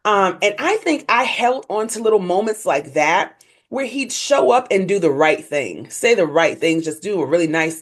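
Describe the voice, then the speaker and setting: A young woman, a podcast guest, telling her story in candid conversation, voice leaping up when she acts out others. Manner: animated, leaps high in pitch when acting out others.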